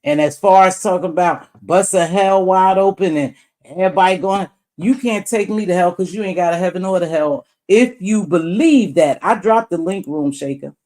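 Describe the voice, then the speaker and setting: A woman's voice: lowish voice, normal speed, warm tone. A woman hosting a live stream in a blunt, preachy rant, swearing freely.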